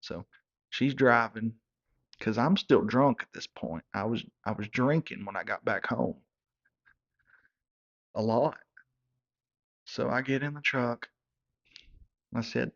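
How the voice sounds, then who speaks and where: A man in his 30s, playing a comedy character narrator, tells a rambling comic story in a hillbilly drawl with stumbling repeats. His medium-pitched voice is slow, with vocal fry and frequent pauses, on a dull lo-fi recording.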